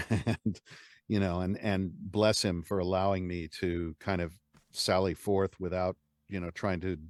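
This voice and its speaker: A man with an American accent speaks in a fairly low voice, close and dry with no room sound. He tells stories in a chatty, animated way and laughs easily, like a guest on an interview show. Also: measured pace, dry recording. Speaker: guest, audiobook narrator. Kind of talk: casual interview chat.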